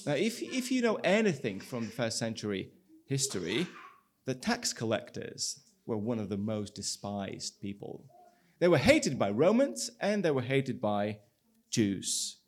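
Lively-voiced man preaching a sermon. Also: mid-range voice, unhurried. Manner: animated storytelling with acted-out dialogue. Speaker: pastor.

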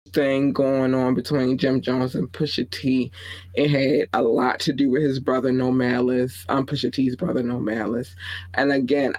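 Her pitch sits extremely low, and the audio is poor. She hosts a podcast of casual entertainment news chatter, reading out viewer comments with blunt, profane, opinionated candor.

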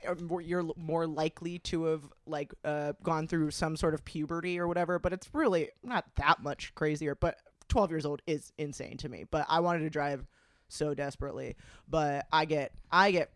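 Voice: medium pitch, moderate pace, no room sound, clean studio sound. Rambling young adult in casual chat. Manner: rambling, full of "like" and restarts.

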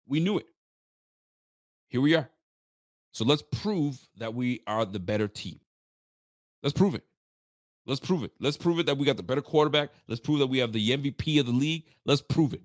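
A man's voice: mid-range voice, no echo. A man in the middle of his own range hosts a live post-game stream, hyped and rambling, throwing trash talk at the rivals. He sounds tired and talks into a close mic in a dry, dead room. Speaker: sports fan channel host.

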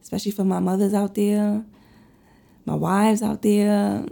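Gravelly, dark-voiced woman chatting candidly. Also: mid-range voice, little pitch movement, unhurried. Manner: candid, rambling, uses many fillers. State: getting over a cold. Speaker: podcast host and lash artist. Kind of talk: casual personal chat to listeners.

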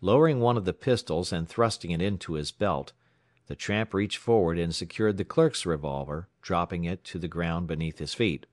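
Low-voiced male audiobook narrator, measured reading, dry booth. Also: dry recording. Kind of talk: scripted story narration.

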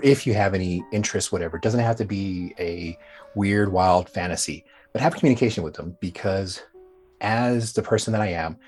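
A man's voice: deep voice, a little mellow, husky. A man guesting on a podcast in casual chat, laid-back and frank, laughing easily. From United States.

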